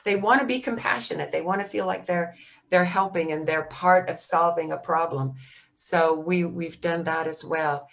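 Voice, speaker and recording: A woman dementia specialist answering workshop questions, hesitant with many ums and restarts, acting out gentle phrases for caregivers. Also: lowish voice, moderate pace, creaky.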